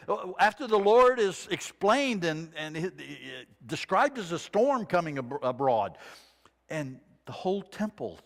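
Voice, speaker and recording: Male preacher, fairly high voice, dramatic scripture reading, echoing sanctuary. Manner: dramatic scripture reading, dropping to a hush for quoted lines. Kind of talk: sermon. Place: church sanctuary. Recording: long reverb of a church sanctuary.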